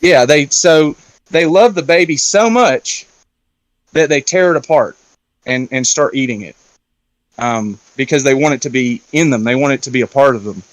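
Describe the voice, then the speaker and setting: A man with a mid-range voice, speaking at normal speed, loosely retells a film plot during a casual round-table talk, full of fillers and swearing. He's a guest on the discussion, and there's no room sound.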